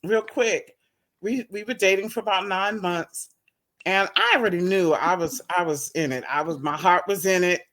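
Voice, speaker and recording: A woman's voice: on the low side, moderate pace, a bit bright. A middle-aged woman, a talk show guest, telling a story casually and animatedly, acting out quoted dialogue with laughs.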